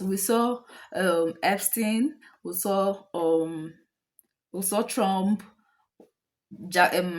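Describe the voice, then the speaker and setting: Nigerian woman chatting to her viewers. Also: medium pitch. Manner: chatty, addresses viewers as family, repeats herself for emphasis. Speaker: commentary host. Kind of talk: casual reaction commentary.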